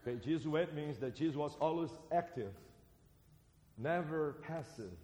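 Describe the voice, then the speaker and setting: A Brazilian-accented man preaches a sermon in a fairly high voice. He is animated, rising loud and dropping soft. His voice rings through a roomy hall with long reverb. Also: moderate pace. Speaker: preacher and seminary teacher.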